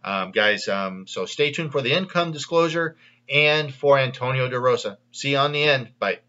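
A man from the American Midwest pitches a business opportunity in loose, casual talk. He rambles and restarts often, full of fillers, at an ordinary pitch. The sound is slightly dull and lo-fi. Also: normal speed, pushed and bright. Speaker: network marketing video host. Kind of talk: casual direct-to-camera pitch.

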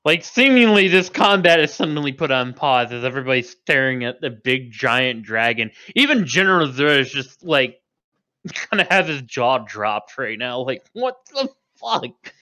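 Bright-voiced guy running a tabletop game, laughs a lot, dry close mic. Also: medium pitch, expressive, moderate pace, dry recording. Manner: laughs often while narrating, casual and loose. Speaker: game master.

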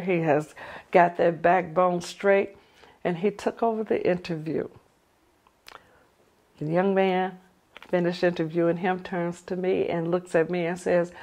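An older woman telling a personal story with lively energy, acting out the conversations she recounts. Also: fairly low pitch. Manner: animated, acts out the dialogue in her story.

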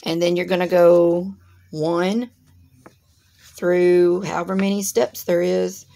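Chatting casually through an unboxing, a crafting channel host speaks straight to her viewers in a chatty, instructive way. Her voice is lowish, slow and level, dark in tone, with vocal fry.

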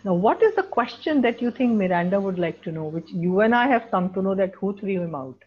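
Indian woman teaching a lively class. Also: mid-range voice, brisk, slightly rough, lo-fi sound. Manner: animated, mixes Hindi phrases, asks students questions. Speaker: English teacher. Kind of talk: classroom lesson.

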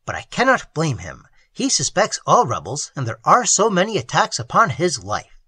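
A man narrating a story in an animated, expressive way. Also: fairly high pitch, moderate pace, slightly rough, no room sound. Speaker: audiobook narrator.

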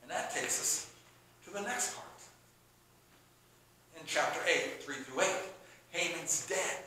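A man preaching a sermon, retelling a scripture story with animated storytelling and acting out the characters' lines. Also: fairly high pitch, takes it slowly. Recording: echoey room with faint background noise.

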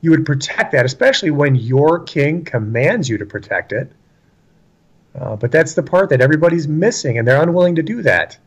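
A man's voice: a little high, lively intonation, fairly quick, breathy edge, muffled recording. A man talking about scripture in a casual but preachy discussion, emphatic and repeating phrases for stress. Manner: emphatic, repeats lines for stress, acts out quotes.

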